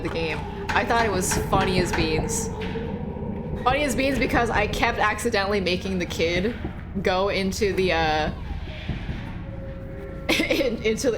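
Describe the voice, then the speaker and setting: A woman streamer giving casual, animated commentary while playing a horror game, swearing, laughing and chatting with viewers. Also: mid-range voice, noisy background.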